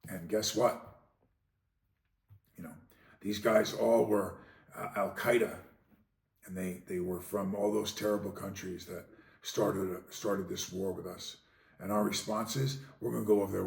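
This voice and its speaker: A man hosting a podcast in a heated monologue, swinging from loud outbursts to low, sarcastic mutters. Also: vocal fry. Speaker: podcast host. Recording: echoey room, distant mic.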